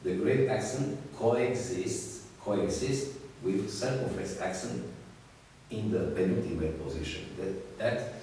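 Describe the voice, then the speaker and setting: Halting male lecturer in an echoey room. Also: on the low side, dark tone. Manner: halting, many fillers and restarts. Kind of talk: academic lecture. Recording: distant echoey hall recording with hiss.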